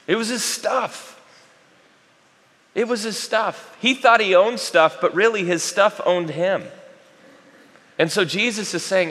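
A man preaching a sermon, swinging between loud questions to the congregation and soft, slow emphasis. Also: high voice. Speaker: pastor. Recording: long reverb of a large hall.

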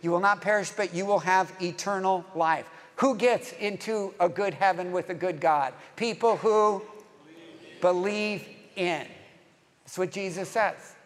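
A man's voice: high voice, a little slow. A man preaching a sermon as a pastor, emphatic, leading the congregation to repeat phrases with him. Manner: emphatic, leads congregation in call-and-response. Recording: long hall reverb.

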